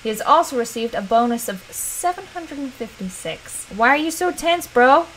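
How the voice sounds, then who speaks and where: A woman's voice: sits high, lively intonation, normal speed, fairly bright tone, slight background noise, rough recording. A woman hosting a casual let's play, animatedly talking to her game character and reading game text aloud.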